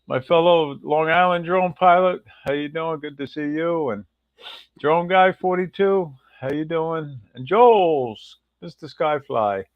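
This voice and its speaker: A man's voice: fairly high pitch, no echo, lo-fi sound. A man hosting a casual livestream and greeting viewers by name. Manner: reads out viewer names and greets them one by one. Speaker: livestream host.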